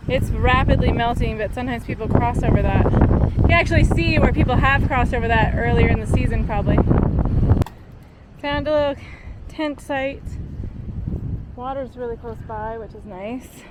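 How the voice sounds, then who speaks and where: A woman from Vancouver Island, a tired long-distance hiker, chatting excitably into a handheld camera on a mountain trail. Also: a little high, normal speed, long pauses, very noisy. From Vancouver Island, Canada. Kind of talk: casual trail vlog.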